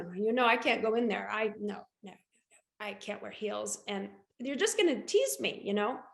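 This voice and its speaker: A woman in her forties, a guest in a casual interview, telling a personal story in a lively way and acting out what people said. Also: echoey room. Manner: animated, acts out quotes with big pitch jumps. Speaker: guest, shoe boutique owner.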